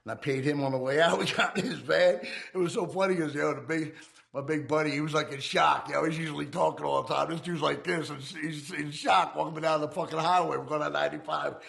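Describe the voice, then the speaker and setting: A man's voice: a little high, fairly even intonation, fast talker, creaky, fairly bright tone. A man candidly telling his life of crime in profane, streetwise talk. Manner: profane, streetwise, acts out quoted voices. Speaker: former criminal telling his life story.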